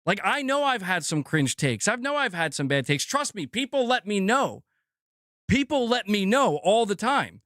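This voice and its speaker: Animated, high-voiced male streamer ranting. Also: moderate pace, no echo, clean studio sound. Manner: profane, animated venting with mock quotes. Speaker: gaming streamer. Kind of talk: casual livestream rant.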